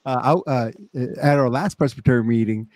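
A man's voice: medium pitch, fairly quick, background noise. A male pastor hosting a casual podcast chat and asking his guests reflective questions. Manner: steady, asks reflective questions. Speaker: host pastor.

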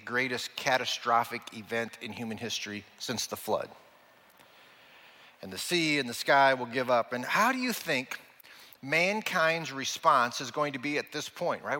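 A man's voice: medium pitch, sharp tone, in a large hall. A man preaching a sermon from the pulpit, reading scripture and pressing the congregation with emphatic rhetorical questions. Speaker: pastor.

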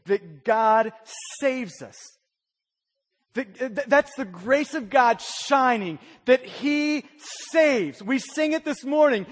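Man, very high voice, pastor preaching, hushed to loud emphatic swings, long hall reverb. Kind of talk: sermon. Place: church sanctuary.

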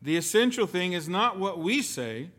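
A man preaching a sermon as pastor, telling stories with sudden swings between loud and soft. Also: high-pitched, very animated, normal speed. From lived in the United Kingdom.

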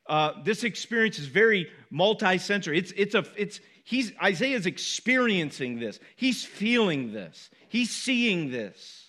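A middle-aged man preaching to his flock speaks in a high, light voice with a bright, forceful tone. The sermon is conversational, punctuated by quick asides, and he stresses his main words through repetition that builds in force.

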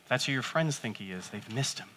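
A man preaching a sermon to his church in a conversational way, acting out quotes and jumping up in pitch for emphasis. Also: lively intonation, fast talker, sharp tone, slight background noise. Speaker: pastor.

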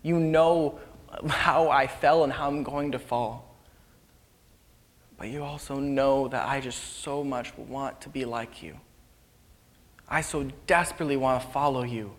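A blunt, eager fisherman disciple, as a preacher puts him on, talking in loose everyday slang at an ordinary male pitch. The voice rings out with a long hall reverb. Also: normal speed, natural voice. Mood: pleading. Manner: casual modern slang, grumbling then pleading.

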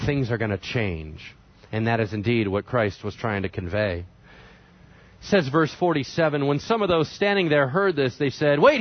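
A man preaching a sermon, retelling scripture with animated storytelling and conversational asides. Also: medium pitch, no room sound. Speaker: pastor. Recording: dry, slightly dull sound.

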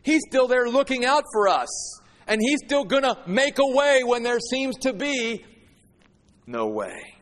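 A man preaching a sermon as pastor, swinging from hushed asides to emphatic, repeated phrases. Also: very high-pitched, big pitch swings, unhurried. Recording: long hall reverb.

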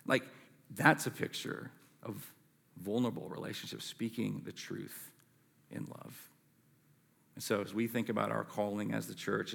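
Gravelly-voiced man preaching conversationally. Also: fairly low pitch, a bit bright. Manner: conversational preaching, frequent asides and "right?" checks. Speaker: pastor. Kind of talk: sermon.

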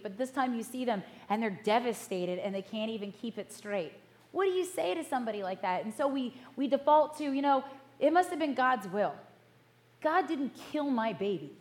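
A middle-aged woman pastor giving a sermon in an earnest, measured way, slowing down to stress key words. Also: fairly high pitch, expressive. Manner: earnest, measured, slows for emphasis.

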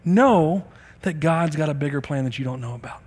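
A man preaching a sermon in a church service, telling stories with animated delivery and acting out the people in them. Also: on the high side, moderate pace, slightly rough. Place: church sanctuary during a service. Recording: long reverb of a large hall.

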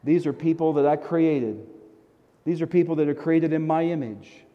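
A man preaching in a large hall speaks as a patient, compassionate God, with a calm and earnest appeal. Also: on the high side, normal speed, highs cut off, natural voice. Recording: long reverb of a large hall.

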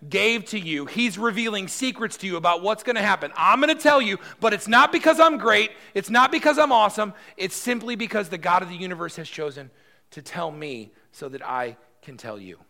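Brief: man doing humble earnest prophet, raised and bright. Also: medium pitch, measured pace, few pauses. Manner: earnest, emphatic.

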